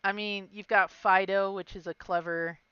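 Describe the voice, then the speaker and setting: A woman hosting a casual podcast chat, relaxed and quick to laugh. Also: mid-range voice, clean tone, no room sound. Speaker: podcast host. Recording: dull, dry, slightly lo-fi.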